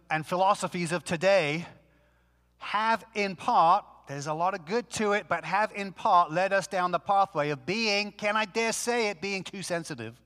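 A man preaching a sermon in a conversational, animated way, full of rhetorical questions. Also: sits high, big-room sound. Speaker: pastor.

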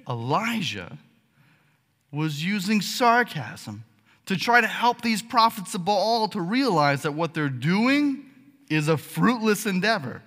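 A man preaching a sermon as pastor, animated and sarcastic, checking in with the congregation with frequent "okay?" asides. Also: a little high. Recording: long hall reverb.

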